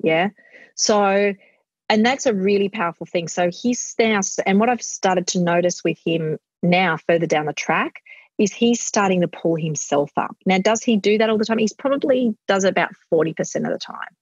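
A woman's voice: medium pitch, normal speed, husky, dry recording. A middle-aged woman being interviewed in casual chat, animatedly acting out what she tells her kids. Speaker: guest. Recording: muffled dry audio.

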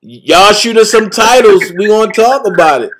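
A man's voice: sits high, lively intonation, normal speed, crowd noise. A man hosting a live-stream talk show, speaking in laid-back, slangy street talk. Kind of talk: casual live-stream chat.

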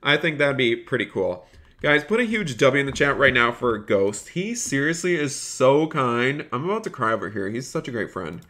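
A bright, forceful male voice streaming a game live, talking straight to his chat in an excitable, chatty rush. He keeps repeating little phrases and switches to a raised, cheery call when serving customers. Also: mid-range voice, normal speed. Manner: repeats phrases, calls out in a raised shop-counter voice. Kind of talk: live gaming stream commentary.

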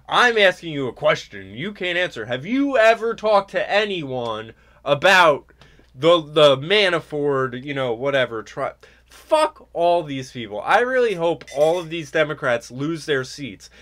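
A man's voice: on the high side, very animated, unhurried, fairly bright tone. A man hosting a political talk show, ranting sarcastically and mimicking others. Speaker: podcast host. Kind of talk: political commentary chat.

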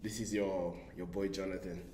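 A man's voice: low voice, little pitch movement, normal speed, darkish tone. A man on a casual group chat panel, talking in a joking, rambling way and breaking into laughter. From Namibia. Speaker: podcast panelist. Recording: echoey room with faint background noise.

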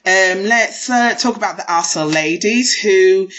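A woman's voice: medium pitch, unhurried, a bit bright. A woman co-hosting a fan podcast, talking in a chatty, giggly way. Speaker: podcast co-host. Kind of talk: casual podcast chat. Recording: dull lo-fi podcast audio.

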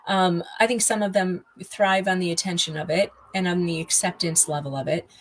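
A woman's voice: medium pitch, a little hiss or hum, low-quality recording. A woman guest on a podcast interview, a writer, speaking in an indignant, emphatic way.

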